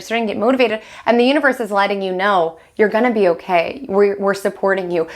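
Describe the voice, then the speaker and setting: A woman hosts a weekly astrology forecast in a casual, animated monologue. She tells a story and slips into quoted inner thoughts. Her voice sits at a middle pitch.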